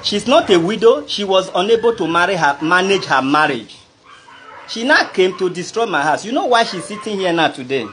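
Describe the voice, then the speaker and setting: A man's voice: high voice, sing-song, a little fast, a bit bright, a little hiss or hum. A man with a Nigerian Pidgin English accent telling a personal grievance to camera in a rambling, indignant way. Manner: indignant, rambling, addresses the listener directly. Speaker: vlogger. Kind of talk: aggrieved personal storytelling to camera.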